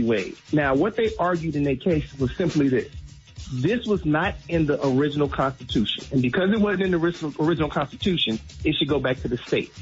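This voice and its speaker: Earnest male radio guest, slightly lo-fi. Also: on the high side. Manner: earnest, explanatory, emphatic. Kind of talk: casual radio commentary. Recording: dull lo-fi line with faint music.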